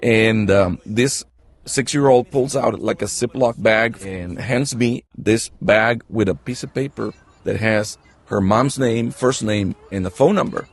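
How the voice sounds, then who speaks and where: A middle-aged man, a news reporter, telling stories in an interview in a halting way, with many restarts and fillers. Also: fairly low pitch. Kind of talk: interview storytelling.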